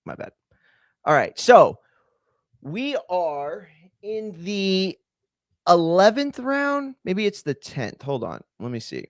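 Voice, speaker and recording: Male host, casual swearing reaction commentary, lively swooping pitch, dry close recording. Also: slow, pauses often, no echo. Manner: animated, profane, rambling with restarts.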